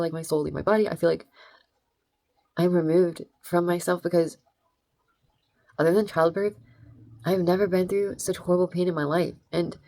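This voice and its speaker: A woman's voice: fairly low pitch, dark tone, no echo. A young adult woman telling a rambling, emphatic story in a casual vlog, full of "like" and "right?". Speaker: vlogger.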